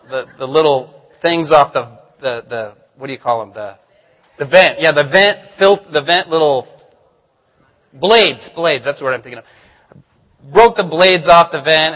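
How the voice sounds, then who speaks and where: A man with a high voice preaches a Sunday sermon in a church sanctuary, his words trailing off into a long hall reverb. He tells candid stories about himself, laughing at his own mistakes. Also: fairly bright tone. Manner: candid storytelling with self-deprecating humor. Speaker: pastor.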